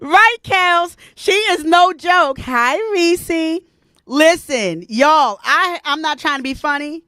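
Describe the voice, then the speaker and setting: A woman hosting a casual live stream, animated and laughing often, greeting viewers by name. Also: sits high, slow pace, dry recording, clean studio sound. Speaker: host.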